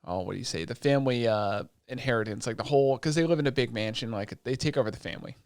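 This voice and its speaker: Talking fast in a mid-range voice, a man co-hosts a podcast and casually recaps shows with profanity, plenty of fillers, and animated, acted-out quotes. The recording is dry and studio quality.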